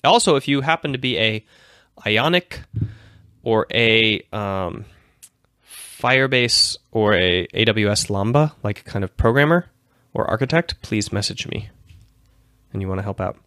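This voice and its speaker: Low-voiced casual male streamer. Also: expressive, measured pace, pushed and bright, dry recording, studio quality. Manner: rambling, self-correcting, informal. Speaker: host. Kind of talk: casual livestream chat.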